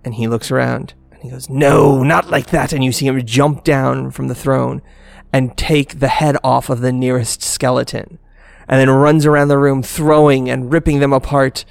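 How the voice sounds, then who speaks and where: A man's voice: medium pitch, little pitch movement, normal speed, creaky, no echo. A man narrating as game master of a tabletop role-playing game, describing scenes steadily.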